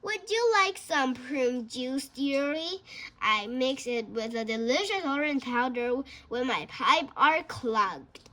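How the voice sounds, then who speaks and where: A woman's voice: high voice, expressive, slow, pushed and bright, slight background noise, exaggerated voice. A woman reading aloud and voicing a kindly, motherly old woman who cooks meals at a shelter. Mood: warm, doting. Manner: doting, motherly.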